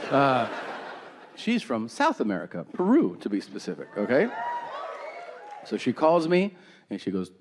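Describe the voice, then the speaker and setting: Dry, profane stand-up comic, lively delivery. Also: male voice, fairly low pitch, moderate pace, long reverb tail, noisy background. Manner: dry, profane, acts out quotes. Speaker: stand-up comedian. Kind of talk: stand-up comedy set. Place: comedy stage with an audience.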